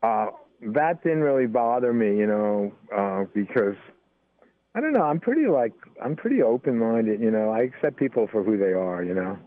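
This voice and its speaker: An older American guest musician chats casually in an interview, speaking animatedly at a moderate pace in a lowish voice. He rambles with lots of "you know" fillers, and there's no room sound, though the audio has a tinny phone-line quality.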